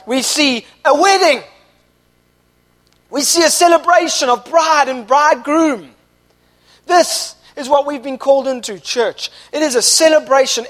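A young man preaching a sermon at a church service, impassioned, dropping quiet and then rising to shouts. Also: very high-pitched. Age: young adult.

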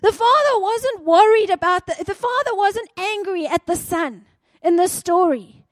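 Woman, preacher, sermon, dramatic storytelling, very high voice, dry close sound. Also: lively intonation, measured pace, dry recording. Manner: dramatic storytelling, acting out the father's cries.

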